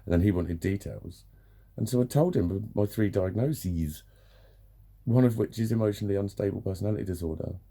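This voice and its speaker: A man's voice: lowish voice, a little fast, creaky, dark tone, breathy edge. A man venting in a ranting personal vlog, swearing often and sounding exasperated. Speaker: vlogger.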